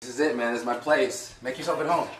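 A man acting in a comedy sketch, talking in a quick, exasperated way. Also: mid-range voice, recorded from a distance. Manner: exasperated, quick, lively delivery. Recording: echoey room with loud music behind.

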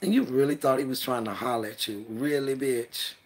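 A woman vlogger in a heated trash-talk monologue, brash and profane, mocking and laughing as she goes, dropping to low mutters and then bursting out loud. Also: lively intonation, fast talker, husky. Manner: mocking, laughs through her words.

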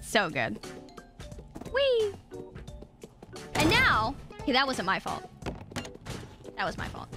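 High lively young woman on stream, sassy, music behind. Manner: sassy, quick comebacks. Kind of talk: casual gaming stream chat. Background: game music.

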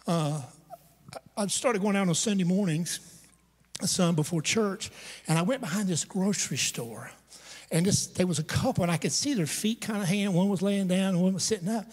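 A man's voice: high-pitched, expressive, moderate pace, darkish tone, slightly rough. A pastor preaching a storytelling sermon to his congregation, conversational and humorous, with asides to the listeners. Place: church sanctuary. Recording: long church hall reverb.

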